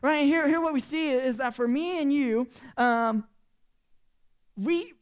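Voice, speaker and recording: Animated man telling a funny story. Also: very high-pitched, slow. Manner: animated, chatty, acts out quotes with big swings in volume. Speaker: youth pastor. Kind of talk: humorous storytelling sermon to students.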